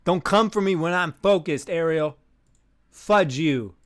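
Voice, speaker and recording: A man streaming live while playing a trivia game, bursting into loud outbursts and swearing whenever he loses. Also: high-pitched, moderate pace, smooth. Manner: excitable, loud outbursts and swearing when losing.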